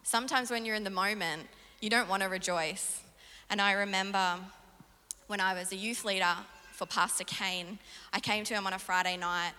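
Young woman preacher, earnest and animated, bright forceful voice, reverberant hall. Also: mid-range voice, moderate pace, smooth. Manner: earnest, animated storytelling with laughs. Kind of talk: sermon.

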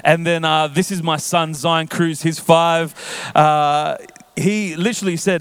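A man in his thirties opens a sermon with a joking, playful manner, teasing the crowd. His voice sits a bit high and comes through smooth and clear on a stage mic. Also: steady tone, a little slow, fairly bright tone, dry recording. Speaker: guest pastor. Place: large church auditorium.

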